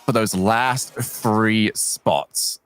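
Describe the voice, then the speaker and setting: Male esports desk host, brisk and informative, light music bed. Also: fairly low pitch, fairly bright tone, clean tone. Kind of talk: broadcast desk presenting.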